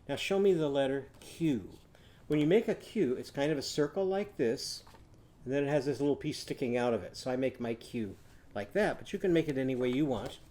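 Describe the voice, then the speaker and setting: A man teaching a children's reading lesson, telling a story in a gentle, patient way and leading slow songs to sing back. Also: mid-range voice, expressive.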